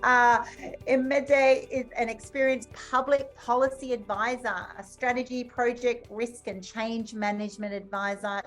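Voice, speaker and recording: A woman hosting an online business summit over a video call, effusive and quick to laugh. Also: medium pitch. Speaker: summit host.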